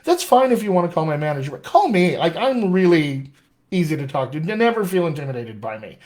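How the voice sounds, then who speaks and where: Brief: American man, dialect coach, upbeat live Q&A, voice on the high side. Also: very animated, fairly quick, a little mellow. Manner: chatty, enthusiastic, reads out viewer questions. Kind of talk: live-stream Q&A lesson.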